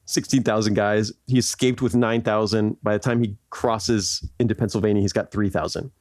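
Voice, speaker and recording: A man's voice: lowish voice, fairly even intonation, moderate pace, a little mellow, no echo, clean studio sound. A man hosting a podcast, telling history in a loose, rambling way, laughing often and tossing in "like" and "right?". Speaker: podcast host. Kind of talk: casual history storytelling.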